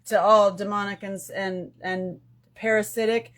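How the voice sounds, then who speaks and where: A woman hosts a casual spiritual live stream from her phone. She talks in lively swings, going from loud outbursts to hushed asides, and she curses freely as she goes. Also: medium pitch, a little slow, a little hiss or hum. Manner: animated, swings between loud bursts and hushed asides, profane.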